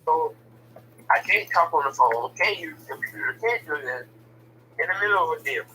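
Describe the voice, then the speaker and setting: A man's voice: a little high, big pitch swings, normal speed, pushed and bright, far from the mic, a little hiss or hum, rough recording. A man telling a personal story in casual, blunt, profane talk, often stumbling and repeating words as he starts a sentence.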